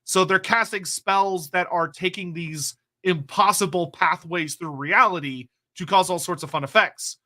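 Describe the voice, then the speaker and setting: A man's voice: high-pitched, measured pace, hardly any pauses, pushed and bright. A man hosting a casual stream, reading out viewer questions in a loose, rambling way with casual swearing. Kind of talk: casual livestream chat.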